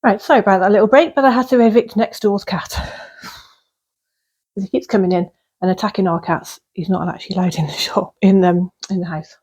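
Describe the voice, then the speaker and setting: A woman's voice: medium pitch, fairly even intonation, a little fast, darkish tone, breathy edge. A woman chatting casually while baking in her cottage kitchen, rambling along with fillers and little laughs. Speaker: vlogger baking at home. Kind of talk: casual cooking vlog chat.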